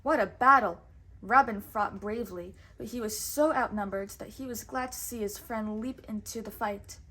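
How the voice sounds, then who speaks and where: A woman reading a storybook aloud with expressive, measured narration. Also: mid-range voice.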